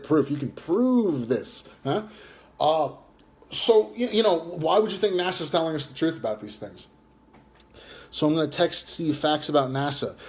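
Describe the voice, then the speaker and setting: A man with a New York accent from Long Island, ranting in casual live chat, taunting and mocking a viewer with lots of fillers. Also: a little high. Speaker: live stream host.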